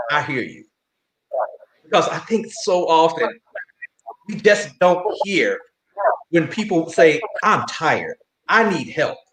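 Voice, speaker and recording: Relaxed man telling a story, roomy sound. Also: on the high side. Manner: relaxed storyteller, laughs softly. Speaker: panelist. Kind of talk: panel discussion on a video call. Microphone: video call.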